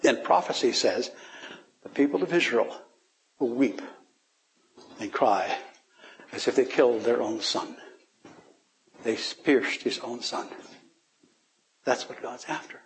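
Speaking slowly with long pauses, a man leads a casual Bible lesson. He chuckles while explaining, asks his audience rhetorical questions, and shifts his pitch to stress key points.

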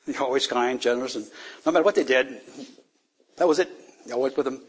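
A man teaching a sermon on scripture, with an emphatic, drawn-out delivery that rises to sudden loud peaks. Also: mid-range voice, slightly rough. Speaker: Bible teacher.

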